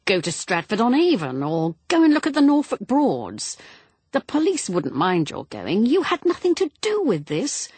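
A protective young husband who talks in a quick, emphatic way, as a woman narrator voices him. The voice is husky and lower than usual, with a lot of rise and fall in pitch. It has the dry, close sound of an audiobook read. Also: no room sound, heavily acted. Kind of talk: audiobook character reading.

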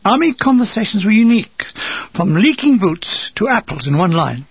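An older man from England reading a war memoir aloud with a dry, wry comic delivery and a gravelly, husky voice. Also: high-pitched, sing-song, moderate pace, no echo, highs cut off. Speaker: narrator.

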